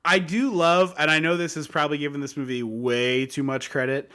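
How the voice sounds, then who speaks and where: A man's voice: fairly high pitch, fairly even intonation, brisk, bright, forceful tone, clean tone. A man co-hosting a podcast, giving emphatic, opinionated takes on a movie in casual chat. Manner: emphatic and opinionated, mocking impressions. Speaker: podcast co-host.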